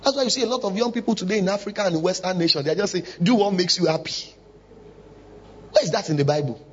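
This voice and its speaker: Man, pastor, sermon, high-pitched, muffled lo-fi sound. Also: racing, husky. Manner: emphatic preaching with rhetorical questions. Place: church. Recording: dull lo-fi recording.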